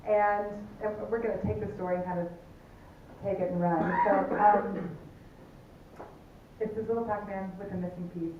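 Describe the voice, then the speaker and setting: A woman presenting a relationship workshop, telling a story in a lively, jokey way. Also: mid-range voice, normal speed, pauses often, a little hiss or hum. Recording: distant, echoey, tinny.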